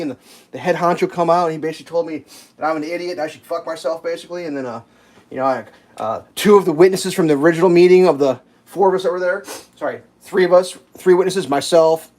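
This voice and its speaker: A live streamer telling an exasperated, profane story, ranting in an animated way, at home. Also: medium pitch.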